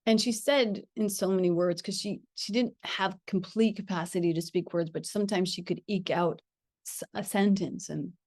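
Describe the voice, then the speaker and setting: A middle-aged woman telling a personal spiritual story. She talks in an earnest, reflective way with gentle pauses and frequent small laughs. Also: medium pitch, no room sound, studio quality. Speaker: spiritual teacher.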